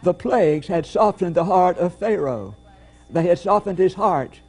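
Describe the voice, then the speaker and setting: Give me a male pastor preaching emphatically in a mellow, fairly high voice. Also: lively intonation, breathy edge, soft background music. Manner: deliberate, emphatic preaching with repetitions. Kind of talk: sermon.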